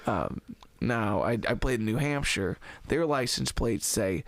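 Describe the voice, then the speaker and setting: A man from the Cincinnati area in casual podcast conversation, animated and opinionated, cracking jokes and swearing a little. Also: mid-range voice, a little slow, no echo. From Cincinnati area, USA. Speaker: podcast guest musician.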